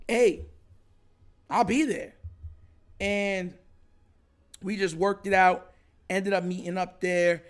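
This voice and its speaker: A man hosting his own podcast, telling a story casually and acting out excited moments. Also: high-pitched. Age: adult. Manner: animated, retells others' lines with raised excited voice. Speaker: podcast host.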